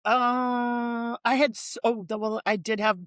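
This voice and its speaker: Middle-aged woman telling lively anecdotes. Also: a little high, measured pace, no room sound. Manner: animated storyteller who acts out quoted dialogue. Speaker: guest, company finance chief. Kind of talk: casual conversation, storytelling.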